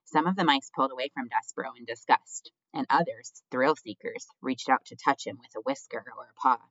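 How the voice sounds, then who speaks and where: A man narrating an audiobook in a measured, expressive storybook reading. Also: medium pitch, no echo. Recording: dull dry lo-fi recording.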